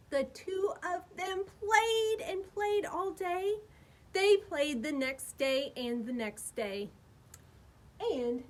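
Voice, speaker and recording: A woman, a children's librarian, reading a picture book aloud at storytime in a sing-song voice made big for young listeners. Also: high-pitched.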